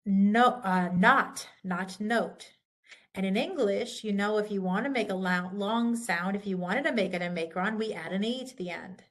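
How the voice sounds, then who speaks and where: A woman instructor giving a recorded lecture, patiently walking through pronunciation rules. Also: mid-range voice. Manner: patient, slow and deliberate, contrasting correct and wrong pronunciations.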